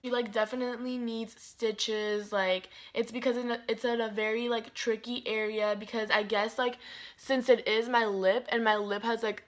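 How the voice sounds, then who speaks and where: Young female vlogger, slightly high voice, rambling storytime delivery full of fillers. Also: flat delivery, moderate pace. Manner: chatty, fillers of like, quoting herself dramatically. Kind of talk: casual storytime.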